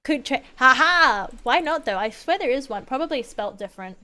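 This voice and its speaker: A woman streamer chatting casually while gaming, rambling and expressive, with lots of fillers and swearing. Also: high-pitched, normal speed.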